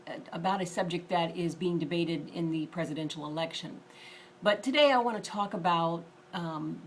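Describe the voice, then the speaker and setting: Middle-aged woman preacher, slightly low pitch, emphatic and earnest, faint room hum behind. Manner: earnest and emphatic, reads scripture quickly. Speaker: deliverance minister. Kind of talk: sermon-style video message.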